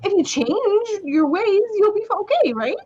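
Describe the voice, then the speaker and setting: High, earnest woman player, lo-fi mic. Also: very animated, a little slow, crowd noise. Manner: polite, earnest, reassuring. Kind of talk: tabletop role-play. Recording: dull, lo-fi mic.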